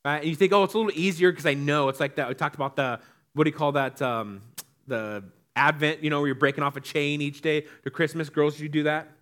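A man's voice: on the high side, quick pace. A young man preaching a casual, conversational sermon, reading scripture and acting out the people in it. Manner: conversational, animated, acts out quotes. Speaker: pastor.

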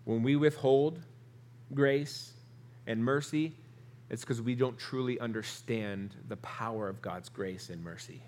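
A male pastor preaching an earnest sermon, his voice rising through lists and dropping soft on the key lines. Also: medium pitch, measured pace, a little hiss or hum.

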